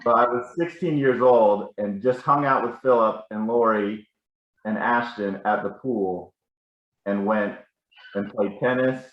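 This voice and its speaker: A man's voice: lowish voice, a little slow, roomy sound, muffled recording. A man telling rambling, self-correcting stories about a family member at a casual gathering. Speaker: family member sharing memories.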